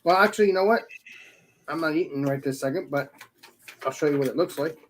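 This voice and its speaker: A man's voice: on the high side, fast, background noise. A man hosting a casual live stream, talking in an easygoing, loose way. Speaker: host.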